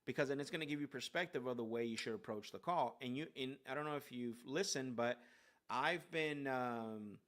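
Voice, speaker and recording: A man's voice: mid-range voice, moderate pace, fairly bright tone. A man giving casual live sales coaching, rambling and restarting his sentences, often tagging them with "right?". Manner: rambling, filler-heavy, keeps asking "right?".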